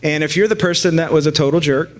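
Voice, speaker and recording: Man preaching, casual sermon, jokey, chatty, slightly high voice. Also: fast talker. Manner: joking, conversational, frequent fillers and restarts.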